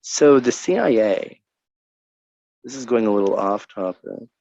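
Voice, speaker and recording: A man's voice: fairly low pitch, lively intonation, unhurried, vocal fry, darkish tone, no echo, dull audio. A man co-hosting a casual podcast chat, joking and laughing often. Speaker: podcast co-host.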